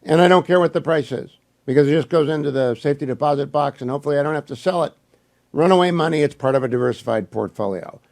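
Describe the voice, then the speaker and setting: An older man hosting a talk radio show, reading sponsor ads live in the studio in a brisk, emphatic way while losing his voice. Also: a little high, gravelly, darkish tone. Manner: brisk, emphatic, repeats phone numbers.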